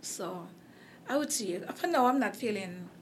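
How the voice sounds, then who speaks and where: Her voice fading, the host, a woman with a Caribbean accent, leads an informal interview chat in an animated, medium-pitched voice at a moderate pace. She rambles with many fillers and restarts over a faint hiss or hum.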